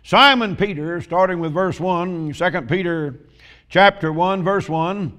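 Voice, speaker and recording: A man preaching a sermon, telling folksy humorous stories and asking drawn-out emphatic questions. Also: sits high, fairly bright tone.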